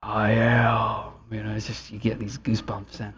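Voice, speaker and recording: A man's voice: on the low side, completely flat delivery, quick pace, a little mellow. A man preaching a sermon as pastor, earnest and building to emphatic declarations, now and then drifting into chatty asides.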